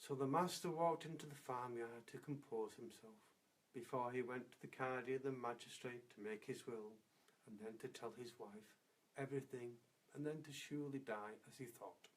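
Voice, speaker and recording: Man, storyteller, fable narration, unhurried, expressive, mid pitch. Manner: unhurried, expressive, soft at times.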